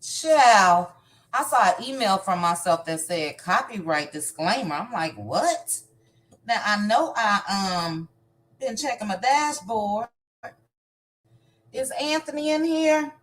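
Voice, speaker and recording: Slow-talking chatty livestream host woman. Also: medium pitch, lively intonation, a bit bright. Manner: greets viewers by name, chatty and upbeat. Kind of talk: casual live chat.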